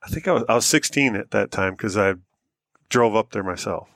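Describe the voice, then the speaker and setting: A man's voice: on the low side, a little fast, a bit bright, no echo, clean studio sound. An American man co-hosting a podcast, chatting in an easygoing, laid-back way. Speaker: podcast co-host. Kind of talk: casual chat.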